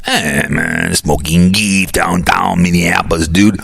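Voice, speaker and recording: A man's voice: sits low, steady tone, takes it slowly, gravelly, a bit bright, slightly rough, exaggerated voice. A man putting on a laid-back stoner dude who drawls and ends every phrase with "man".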